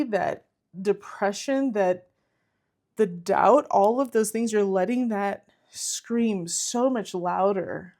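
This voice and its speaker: A woman's voice: mid-range voice, mellow. Earnest woman giving a tarot reading. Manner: earnest, encouraging, repeats herself, frequent "like". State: close to tears at times. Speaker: tarot reader. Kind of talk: spiritual tarot reading to camera.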